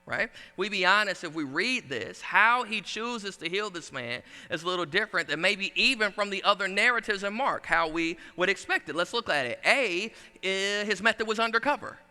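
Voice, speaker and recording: Bright-voiced preacher in echoey church. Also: male voice, high voice, normal speed, few pauses, clear, resonant tone. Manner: animated, conversational storytelling preaching. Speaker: pastor. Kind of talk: sermon. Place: church sanctuary.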